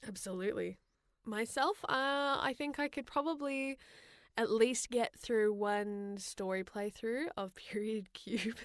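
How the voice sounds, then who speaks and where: A woman's voice: a little high, measured pace, no echo, studio quality. A woman co-hosting a gaming podcast in a playful, giggly casual chat. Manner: giggly, playful, hums tunes. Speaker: podcast co-host.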